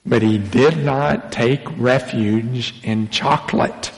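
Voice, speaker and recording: Slow, gravelly-voiced pastor in a reverberant hall. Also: male voice, mid-range voice. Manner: folksy, joking asides to the congregation. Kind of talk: sermon. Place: church sanctuary.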